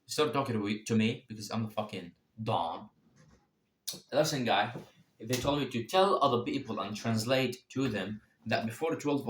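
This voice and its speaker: A young man telling his own story casually, swearing freely and jumping in pitch and loudness. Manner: profane, animated, sudden swings in pitch and loudness. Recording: echoey room.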